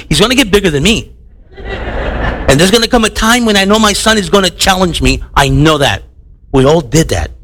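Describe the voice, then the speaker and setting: Middle-aged male pastor, high lively voice, preaching and playing out his stories. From United States. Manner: animated, acts out voices of people in his stories. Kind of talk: sermon.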